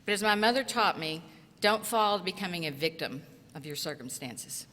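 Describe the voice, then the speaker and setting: A middle-aged woman from southeast Tennessee giving an earnest, encouraging graduation speech at a podium microphone, in short, measured phrases. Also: on the low side, animated, bright, forceful tone. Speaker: commencement speaker and college instructor. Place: large auditorium. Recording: echoey hall reverb.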